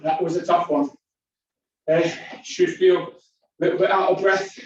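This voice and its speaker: A woman's voice: on the low side, fairly even intonation, normal speed. A woman fitness instructor leading a workout indoors, counting down and calling out moves while exercising along, breathing hard between exercises. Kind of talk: leading a home workout class. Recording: very echoey room, distant mic, dull sound, faint noise.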